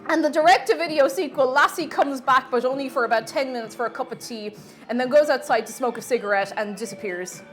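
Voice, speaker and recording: A woman streamer chatting casually while cooking, rambling through deadpan absurd jokes. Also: high voice, fast, faint music behind.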